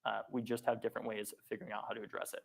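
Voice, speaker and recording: A man's voice: on the low side, flat delivery, rapid-fire, creaky. A man opening a debate, speaking earnestly and conciliatorily. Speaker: debate participant.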